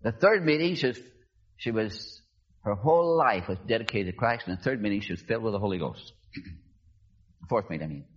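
An animated male pastor speaks at normal speed, pausing often, with a breathy voice on lo-fi sound. His sermon storytelling is dramatic, and he acts out quoted voices using wide pitch swings.

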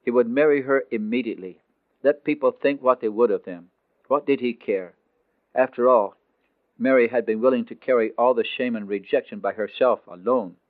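A man narrating a dramatic story in a scripted, expressive way, slowing down on emotional phrases. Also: medium pitch. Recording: tinny phone-like dry recording.

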